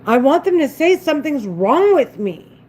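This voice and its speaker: A woman's voice: sits high, very animated, moderate pace, mellow. A woman vlogger talking to camera in an agitated, repetitive, rambling monologue. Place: at home, doing her makeup.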